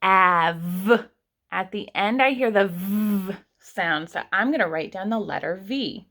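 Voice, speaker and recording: Slow, patient woman teacher. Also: medium pitch, lively intonation, fairly bright tone. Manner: slow, sounding out words step by step; patient, talks to young children and parents. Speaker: kindergarten teacher. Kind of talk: online writing lesson.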